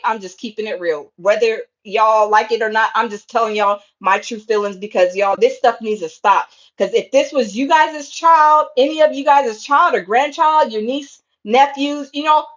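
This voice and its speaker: A woman with a high voice talks straight to her viewers in a fired-up livestream rant. She repeats herself and keeps calling them "y'all". The sound is dull and lo-fi. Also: fairly bright tone. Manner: impassioned, repetitive, keeps addressing viewers as y'all. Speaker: online commentator. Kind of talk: casual livestream commentary.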